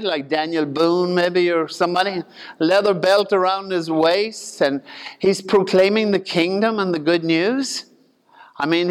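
A man's voice: sits high, clear, resonant tone, long reverb tail. A man preaching a sermon in a conversational, folksy way, with asides and humor.

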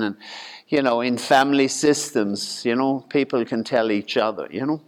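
A man's voice: medium pitch, expressive, normal speed, in a large hall. A man preaching a sermon in a conversational, folksy way, with asides and humor.

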